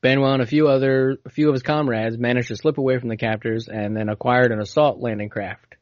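A man's voice: medium pitch, fairly even intonation, a little fast, dry recording. A man hosting a casual podcast, telling a story and reading passages aloud, stumbling now and then over hard words. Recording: dull, dry lo-fi audio.

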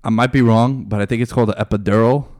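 A man's voice: medium pitch, steady tone, quick pace, darkish tone. A man in his thirties, a podcast guest, telling a story in easygoing casual chat.

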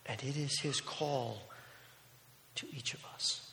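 A man's voice: medium pitch, slow, gravelly, slight background noise. Storytelling male pastor in reverberant hall. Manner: storytelling, from loud and urgent to hushed. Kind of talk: sermon. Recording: long reverb of a large hall.

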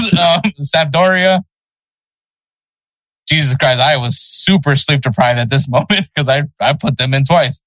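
A man co-hosting a casual soccer podcast, relaxed and easygoing, chuckling over tricky team names. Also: on the high side, measured pace, no room sound, rough recording. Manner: laid-back, chuckles over name pronunciations. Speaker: podcast co-host.

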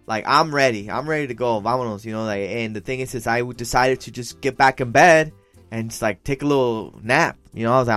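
A man's voice: mid-range voice, brisk, a bit bright, no echo, soft background music. A young man telling a story in casual talk, slangy and profane, mixing in Spanish phrases and calling his friend "fool". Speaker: podcast co-host telling a story.

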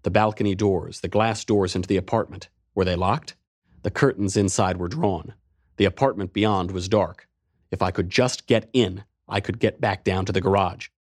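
A man's voice: low voice, normal speed, no room sound, clean studio sound. A man narrating a first-person adventure story in a tense, driving way.

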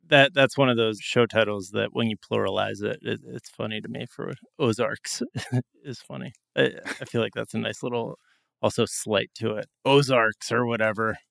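A man's voice: fairly low pitch, fairly even intonation, normal speed, creaky, a bit bright, no room sound. A man hosting a podcast chat, asking questions and adding dry wisecracks. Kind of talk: casual chat.

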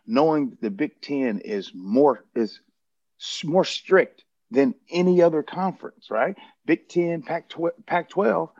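A man's voice: fairly high pitch, darkish tone, husky, no room sound, highs cut off. A man, a guest on a casual sports podcast, rambling earnestly and restarting his sentences.

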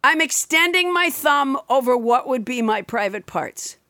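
High-voiced woman narrating her gestures. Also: lively intonation, unhurried, pushed and bright, dry recording, studio quality. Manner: narrates her own gestures in a patient, explaining way. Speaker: podcast co-host. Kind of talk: casual game chat.

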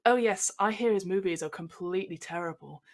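A woman's voice: fairly low pitch, brisk, close to an everyday voice. A woman voicing snooty gala guests in a tabletop game, sniffy and condescending. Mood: snide.

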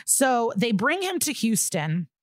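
A woman's voice: a little high, slow pace, no echo, studio quality. Woman animatedly retelling a true-crime story. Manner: animated storytelling, swears, acts out quotes. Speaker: podcast co-host. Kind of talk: casual true-crime recap.

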